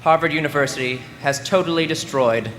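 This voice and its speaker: A man's voice: a little high, fairly quick, fairly bright tone. A young man in his twenties giving a humorous ceremony speech as a graduating student, with mock-serious comic timing over crowd laughter. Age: 20s. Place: large ceremony venue. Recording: reverberant venue with faint background noise.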